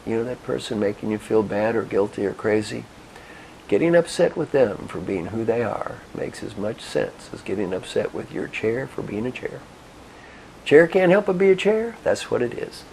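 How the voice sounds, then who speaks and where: Expressive gravelly male speaker. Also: lowish voice, a little hiss or hum, rough recording. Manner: expressive, directive, with soft pauses. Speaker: motivational speaker and coach. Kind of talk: guided reflection and storytelling talk.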